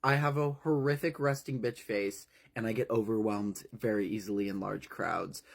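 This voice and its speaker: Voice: mid-range voice, steady tone, normal speed, vocal fry. A narrator casually retelling a horror novel part by part, talking in a wry, conversational way with frequent fillers.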